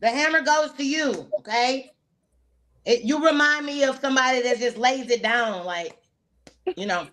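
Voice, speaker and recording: High-voiced teasing woman comedian. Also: normal speed, a bit bright. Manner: teasing, giggly, bawdy jokes. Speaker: comedian panelist. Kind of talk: playful comedy banter. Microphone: video call.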